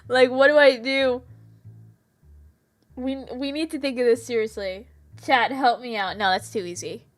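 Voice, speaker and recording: A woman's voice: fairly high pitch, steady tone, unhurried, long pauses. A woman streamer chatting casually with her viewers, silly and laughing a lot. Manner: giggly, silly, laughs often. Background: faint music.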